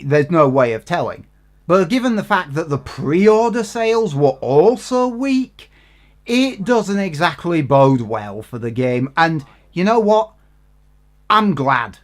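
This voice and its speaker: A man giving an exasperated, sweary, sarcastic rant in a game review. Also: a little high.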